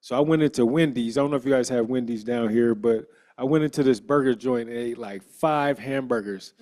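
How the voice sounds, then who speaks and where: A man on a discussion panel, a former professional football player, telling a lively personal story in casual slang. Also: mid-range voice, fast talker. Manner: animated storyteller, acts out quoted dialogue, casual slang.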